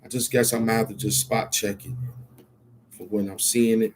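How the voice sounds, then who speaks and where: Low-voiced man thinking aloud. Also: flat delivery, normal speed, slight background noise. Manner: hesitant, repeats himself, talks to himself. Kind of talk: rambling monologue, thinking aloud.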